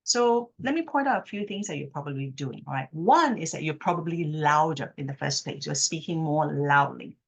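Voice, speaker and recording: Husky-voiced woman speech therapist. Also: sits low, lively intonation. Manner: explains patiently, checks in with "okay" and "right"; demonstrates phrases slowly with exaggerated inflection. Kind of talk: instructional talk to camera.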